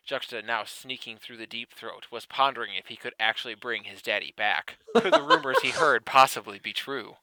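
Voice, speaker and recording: Bright, dry-voiced man reading mock-seriously. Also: medium pitch, very animated, fairly quick, vocal fry, hardly any pauses, no echo, poor audio. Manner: mock-serious narration broken by laughing asides. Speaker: podcast host reading fan fiction aloud. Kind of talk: comedic dramatic reading.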